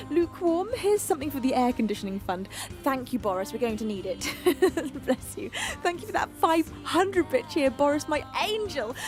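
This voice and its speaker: A woman from the UK hosting a live music stream, chatting warmly with viewers and laughing often. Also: sits high. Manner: gushing, affectionate, laughs often. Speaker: live-stream singer host. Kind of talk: casual chat reading out chat messages.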